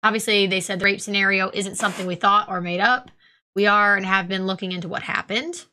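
A woman's voice: medium pitch, fairly even intonation, brisk, pushed and bright. A young woman co-hosting a casual podcast, reading news stories aloud with profane, teasing asides. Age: young adult. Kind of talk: casual chat.

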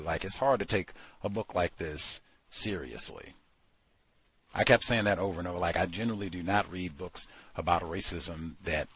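A man with a low, husky voice hosts a talk program. He is blunt and dismissive and circles back to the same points again and again. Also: a bit bright. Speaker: radio show host. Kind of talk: casual critical commentary.

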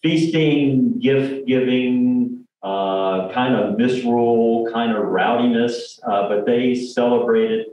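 In a church hall, a lay speaker gives a rambling presentation packed with fillers, restarts and jokey asides. His voice is medium-pitched, steady and mellow, slow but with hardly any pauses. The mic is distant in an echoey sanctuary, and the sound is dull and lo-fi.

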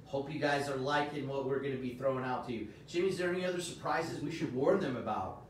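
Brief: male stream host, average pitch, hyped sales patter with loud shout-outs, recorded in a very echoey room some way from the mic. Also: quick pace, far from the mic, slight background noise. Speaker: host of a comic shop livestream. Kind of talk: live sales stream chat.

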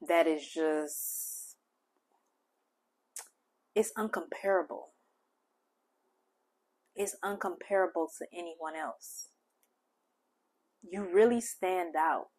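A woman hosting a spiritual channel, speaking gentle, heartfelt affirmations straight to the listener. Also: lowish voice, slow, pauses often. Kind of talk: affirming spiritual message to the viewer.

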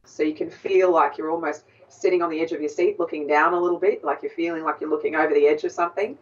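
A woman's voice: sits low, steady tone, quick pace. A woman technique in thoughtful, hesitant answers full of small fillers. She sounds a little distant and muffled, with faint music underneath. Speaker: accent coach. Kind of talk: explanatory interview answers.

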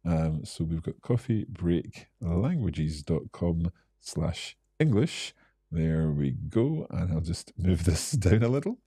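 Scottish male teacher hosting a live Q&A, low husky voice, friendly and explanatory. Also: big pitch swings, slow pace, dark tone, no echo, clean studio sound. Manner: friendly, explanatory, reads out viewer comments. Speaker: English teacher and host. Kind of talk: live-stream Q&A.

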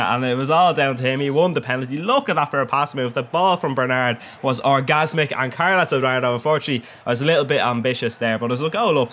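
Young guy, gaming commentary, loose and cheeky, laughs a lot, average pitch. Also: fairly bright tone. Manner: chatty, jokey, crude, laughs often. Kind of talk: casual game commentary.

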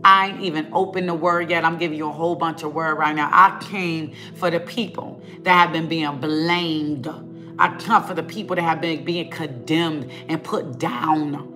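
A woman's voice: low voice, normal speed, music in the background. A woman ministering online, preaching a fiery rant at her viewers, emphatic and scolding, with lots of repetition and casual talk.

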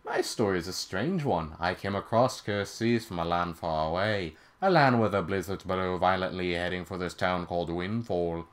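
A man voicing a male merchant who speaks in low, old-fashioned formal phrasing. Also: normal speed, hardly any pauses, close to an everyday voice. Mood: earnest. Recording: faint music behind.

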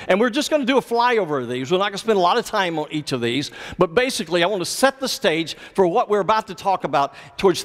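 A man's voice: sits high, a bit bright. A male pastor preaching a sermon, explaining scripture and pressing his points with emphatic, repeated commands. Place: church sanctuary. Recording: long church reverb.

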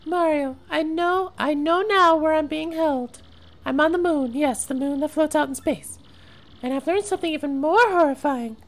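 A man voicing an earnest, worried young princess in a high falsetto. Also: normal speed, a bit bright. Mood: urgent.

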